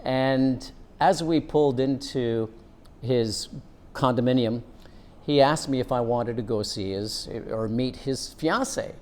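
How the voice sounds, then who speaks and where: Middle-aged male storyteller, ex-cop, earnest and unhurried, mid-pitched voice. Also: darkish tone. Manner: earnest, unhurried, draws out a lesson. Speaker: former police officer telling a personal story. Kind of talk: reflective personal storytelling.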